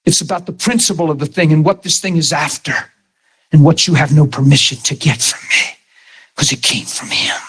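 A man preaching a sermon, telling his own story, dropping to a hush and then raising his voice to drive a point home. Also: fairly high pitch, fairly quick. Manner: testimony swinging from hushed to raised voice.

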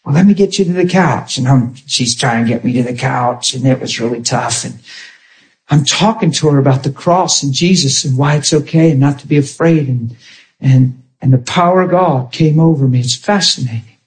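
A man preaching a sermon, telling a personal testimony in an animated way, swinging from hushed to emphatic. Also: medium pitch, normal speed.

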